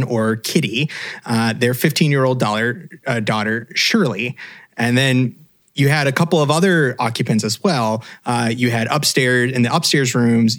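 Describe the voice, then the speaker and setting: A man co-hosting a casual podcast, recounting a case in a loose way full of fillers. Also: mid-range voice. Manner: relaxed, many fillers like uh and um. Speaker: podcast co-host telling the case. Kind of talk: casual storytelling chat.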